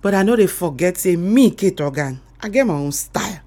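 A woman's voice: fairly low pitch, animated, brisk. A woman with a Nigerian accent hosting a morning radio show, giving motivational talk in a preachy way and calling her listeners darling and sweetheart. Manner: rhythmic repetition, swings between loud and quiet.

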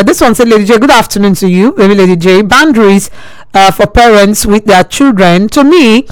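A woman's voice: mid-range voice, clear, resonant tone, no room sound, low-quality recording. A woman with a Nigerian Pidgin accent hosting a radio advice show, reading listener messages and repeating her points earnestly. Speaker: radio host. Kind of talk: call-in advice talk.

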